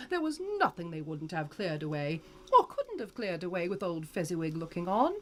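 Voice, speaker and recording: A woman streamer giving a live, expressive reading of a classic novel. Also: lowish voice, normal speed.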